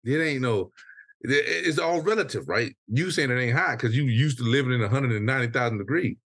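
A man in his thirties co-hosts a laid-back podcast, telling a long, profane story with lots of acted-out quotes. His voice leaps up and down in pitch as he gets worked up, with a husky edge. The sound is close and dry. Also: lively intonation, fairly quick, a bit bright, no echo. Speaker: podcast co-host. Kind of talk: casual chat, venting story.

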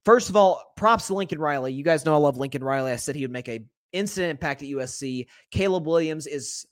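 A man's voice: a little high, no room sound, clean studio sound. Opinionated male sports podcast host. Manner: opinionated and candid, talks straight to listeners as folks; conversational with quick self-corrections. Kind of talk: solo sports talk monologue.

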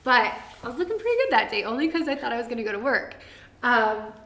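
A woman's voice: fairly high pitch, animated, fast talker, pushed and bright. A young woman telling her birth story as a podcast guest, chatty and laughing, drifting into tangents. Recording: roomy echo.

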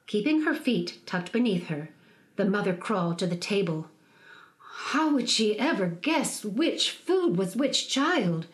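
A woman reading a children's storybook aloud in an expressive, sing-song way. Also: medium pitch, measured pace.

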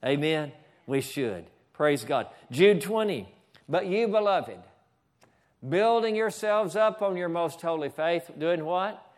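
Here a pastor preaches slowly in a church, his voice on the high side and expressive. "Amen?" comes up again and again, and he stops at times to direct the slides.

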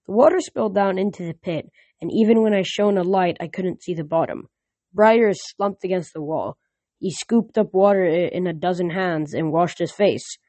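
A man casually reading a novel aloud, halting with restarts, recorded on a phone lying nearby. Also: sits high, a little mellow, no echo. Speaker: audiobook reader.

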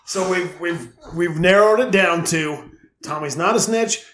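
Male podcast host, fairly high voice, steers the chat, echoey room. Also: a little slow, fairly bright tone. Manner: interjecting, trying to steer the talk. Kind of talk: moderating rowdy banter.

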